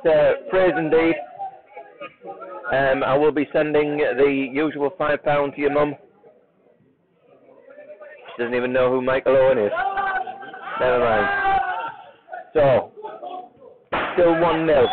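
A man calls a local football match from the sideline while filming it, drifting between calls of the play and joking, self-mocking tangents. His voice comes through thin and phone-like on a live stream, with a crowd audible behind him. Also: on the high side. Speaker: football commentator and camera operator. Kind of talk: amateur live football commentary. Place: outdoor football ground sideline.

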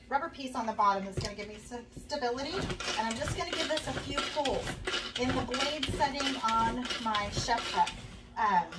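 A young woman chatting casually to her viewers while cooking in her home kitchen, friendly and rambling, with lots of fillers. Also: medium pitch. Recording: faint background noise, a bit distant from the mic.

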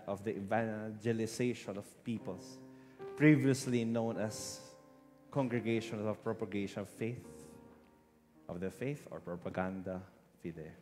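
A Filipino man with a low voice preaches to a congregation, earnest and touched with emotion. His words ring through a large hall with long reverb. Soft instrumental music plays faintly behind him. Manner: switches between English and Tagalog, emotional and earnest. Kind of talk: sermon.

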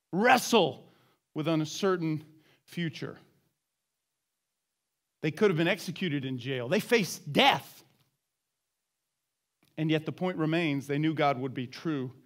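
A man with a notably high voice preaches in a church sanctuary, talking to the congregation in a conversational way. He throws out rhetorical questions and asks them to repeat lines back, then sinks low and soft to drive home the main point. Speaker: pastor. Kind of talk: sermon.

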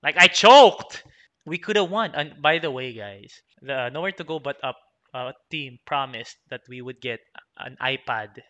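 A young man with a Filipino accent, hosting a podcast and telling an animated personal story, mixing in Tagalog and often calling out to his listeners. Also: mid-range voice, a little slow. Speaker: podcast host.

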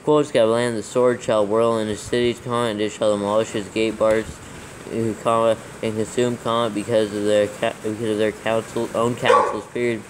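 A man reads text aloud slowly and carefully, calling out each capital letter, comma and period as he goes. His pitch stays flat and level, with little rise or fall. A faint hiss sits under the voice. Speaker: reader dictating scripture text. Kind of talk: dictation with spoken punctuation.

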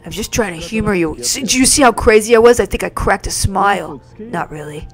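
A woman streaming a video game live, reacting excitably with yelps and exclamations. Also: medium pitch, brisk. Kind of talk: live gameplay commentary. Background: faint game music.

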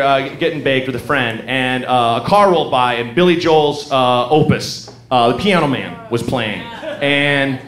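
A man doing a rambling, self-mocking stand-up routine, breaking into loud mock singing. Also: fairly high pitch. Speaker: stand-up comedian. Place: comedy club stage. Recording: live club recording, roomy, crowd laughter.

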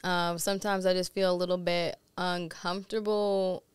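Soft-spoken woman with a crisp, dry voice. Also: fairly low pitch, flat delivery, normal speed, dry recording. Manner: soft, hesitant, many fillers. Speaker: guest singer. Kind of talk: casual interview chat.

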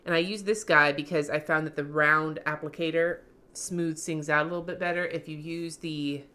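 A woman vlogger giving a casual, slangy craft tutorial, cussing freely, her voice going a little hoarse. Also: sits low, fairly even intonation, moderate pace, pushed and bright.

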